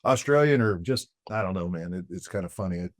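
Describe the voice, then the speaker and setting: An American man hosting a podcast, talking in a relaxed, casual way. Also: low-pitched, fast, no room sound, studio quality. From United States. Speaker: podcast host. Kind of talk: casual interview chat.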